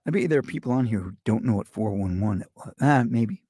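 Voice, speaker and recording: A man's voice: on the low side, animated, fast, dark tone, slightly rough, no room sound, studio quality. A middle-aged man, hosting a show with a rambling, profane, sarcastic comedic rant. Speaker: podcast host.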